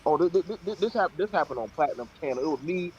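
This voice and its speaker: A man's voice: on the high side, expressive, fast, a little mellow, slight background noise. A man hosting a heated panel talk, blunt and profane. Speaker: show host. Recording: dull lo-fi audio.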